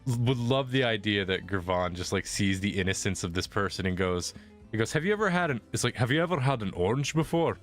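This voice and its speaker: A man chatting casually on a stream about tabletop characters, animated and laughing as he acts out lines. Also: lowish voice, fast, soft background music.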